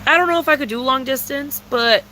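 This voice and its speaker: Young woman vlogger, high bright voice, dramatic profane storytime rant. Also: brisk, slight background noise. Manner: dramatic, profane, heavy filler slang.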